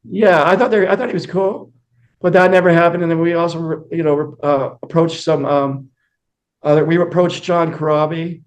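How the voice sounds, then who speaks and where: A man's voice: fairly high pitch, fairly even intonation, moderate pace. A man, a musician guest in an interview, telling rambling anecdotes with many fillers and acted-out quotes. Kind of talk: casual storytelling interview.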